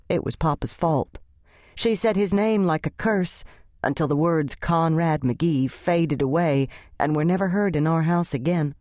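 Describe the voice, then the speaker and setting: A woman narrating an audiobook in gentle, measured storytelling. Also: deep voice, dry recording, clean studio sound. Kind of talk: scripted narration.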